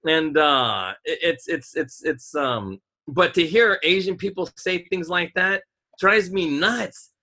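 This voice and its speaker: A man's voice: on the high side, slow pace, pushed and bright. A man co-hosting a casual podcast chat, talking emphatically and rambling, often stalling to hunt for a word. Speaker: podcast co-host.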